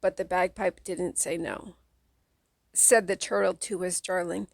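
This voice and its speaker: Soft-spoken woman reading poems, gravelly. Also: fairly low pitch, steady tone, unhurried, no room sound. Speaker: audiobook reader. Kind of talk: reading children's poems aloud.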